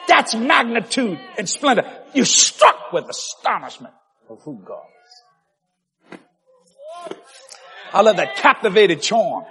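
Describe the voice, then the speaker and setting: A male preacher delivering a lively sermon, shouting and laughing, stretching out key words. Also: sits high. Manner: animated, shouting, laughing, drawn-out emphasis.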